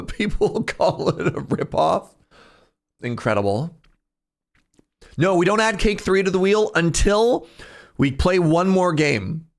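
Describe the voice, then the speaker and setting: A man's voice: high-pitched, expressive, slow pace, creaky, pauses often. A man streaming live, chatting casually with his viewers in a jokey, talkative way and laughing often.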